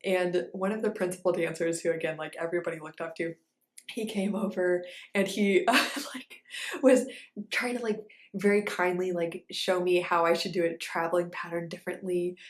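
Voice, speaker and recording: A woman's voice: fairly low pitch, normal speed. Chatty woman in an echoey room. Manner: animated, chatty, lots of fillers. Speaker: ballet dancer and vlogger. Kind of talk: casual storytelling.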